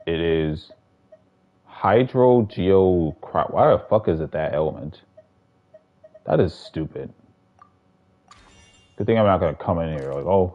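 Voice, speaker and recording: A man with a very low voice rambles through casual gaming livestream commentary, swearing freely and restarting his sentences. The sound is dull and lo-fi, like compressed stream audio. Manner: rambling, profane, restarts often.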